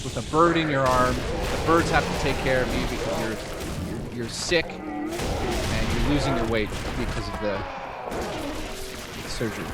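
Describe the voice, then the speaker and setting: A man co-hosting a podcast, stoned and excitable, eagerly pitching silly ideas in casual chat. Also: heavy background noise. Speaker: podcast co-host. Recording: music loud in background.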